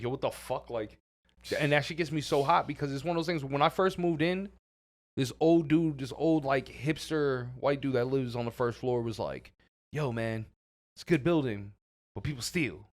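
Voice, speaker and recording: A man co-hosting a casual podcast, his voice sitting at an ordinary middle pitch. He tells stories with lots of animation, laughs often, and swears freely. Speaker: podcast co-host.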